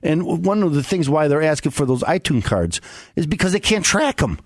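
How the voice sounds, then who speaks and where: A man in a casual radio talk, a tax attorney giving advice. His voice sits a little high and swings widely in pitch, and he laughs easily. The studio sound is dry, with no room echo. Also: a little fast. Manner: chatty and animated, laughs often.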